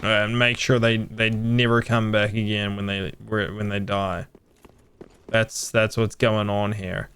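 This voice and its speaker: A man's voice: on the low side, level tone, unhurried, a bit bright, clean tone. A young man chatting casually with friends while playing a video game, joking, teasing and swearing freely. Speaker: gamer streaming with friends. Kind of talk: casual gameplay chat.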